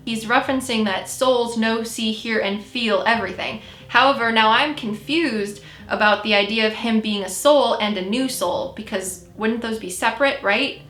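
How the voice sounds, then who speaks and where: Bright-voiced chatty woman podcaster. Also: a little high, moderate pace, few pauses, roomy sound, faint music behind. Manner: chatty, rambling, retells conversations with spirits. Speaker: podcast co-host. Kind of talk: casual chat.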